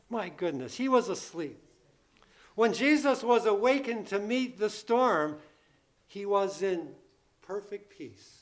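Guy preaching a sermon, higher voice, takes it slow, keeps repeating the key lines and asking the crowd questions. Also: lively intonation. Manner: emphatic, repeats key phrases, asks the congregation questions; acts out the disciples' panicked pleas in a raised voice.

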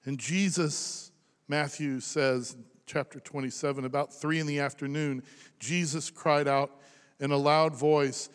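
Pastor guy preaching slow in a big echoey church, goes loud then real quiet. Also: on the high side, steady tone, clear, resonant tone. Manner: impassioned, swings between loud emphasis and hushed near-whispers. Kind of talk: sermon. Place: church sanctuary. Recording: long reverb of a large hall.

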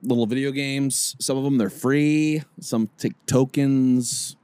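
A man co-hosting a podcast, chatting casually and telling loud, playful bar stories. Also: mid-range voice, fairly even intonation, slow, clear, resonant tone, no room sound. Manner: loud, playful storyteller acting out bar encounters. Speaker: podcast co-host. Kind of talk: casual chat.

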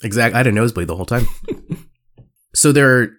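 Lively young man telling stories. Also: quick pace. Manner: animated storyteller, squeaky voices for quoted people. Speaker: podcast co-host. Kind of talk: casual chat.

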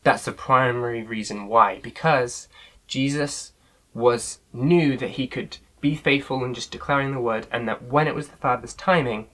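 Man, mid-pitched, casual Bible study leader, earnest, lots of filler sounds. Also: fairly bright tone, low-quality recording. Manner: earnest, frequent filler sounds, loosely phrased.

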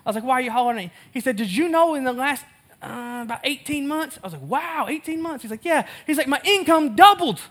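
High, bright-voiced pastor preaching casually. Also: male voice, fast talker. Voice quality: lively storytelling, acts out both sides of conversations. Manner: casual and conversational, laughs at himself. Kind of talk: sermon.

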